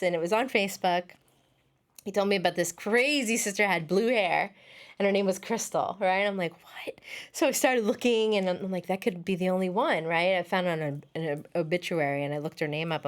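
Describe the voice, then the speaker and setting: A woman's voice: fairly low pitch, fairly quick. A middle-aged woman, a podcast guest, telling family stories in casual chat and acting out the voices she quotes. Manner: animated storyteller, acts out quoted voices.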